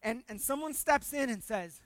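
A pastor giving a conversational sermon with humor, repeating words for emphasis and swinging between loud points and hushed asides. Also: sits high, animated, normal speed, no echo.

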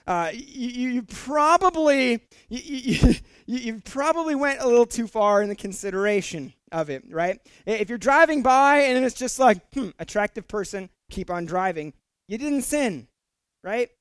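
A man's voice: very high-pitched, moderate pace, clear, resonant tone, no room sound. A male pastor preaching a casual, joking sermon who often stumbles into repeated words. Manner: conversational and jokey, repeats words when excited.

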